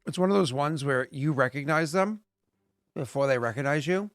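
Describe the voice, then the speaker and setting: A man's voice: on the high side, normal speed, long pauses, a bit bright, no echo. A man running a tabletop game as game master, rambling with lots of fillers.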